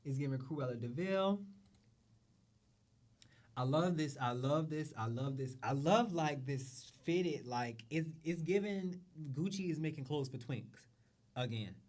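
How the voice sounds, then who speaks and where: A man's voice: fairly high pitch, expressive, a little slow, darkish tone. A man hosting a show, talking casually and profanely about runway looks, repeating phrases and trailing off. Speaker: show host. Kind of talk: casual fashion commentary.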